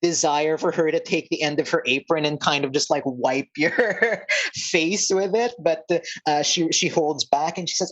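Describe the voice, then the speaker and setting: A woman's voice: sits low, moderate pace, rough recording. A woman narrating as game master in a tabletop game, rambling with many fillers.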